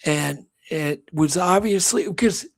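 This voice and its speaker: A man co-hosts a talk show, rambling through a casual story full of restarts and acted-out quotes. His voice sits a little high with some vocal fry, he takes his time, and there's slight noise in the background.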